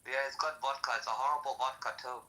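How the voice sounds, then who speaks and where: A man's voice: mid-range voice, steady tone, fast talker, bright, forceful tone, low-quality recording. A man who is not a native English speaker, calling into a chat and speaking bluntly with repeated words. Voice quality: blunt, repetitive. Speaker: caller. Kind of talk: heated casual chat.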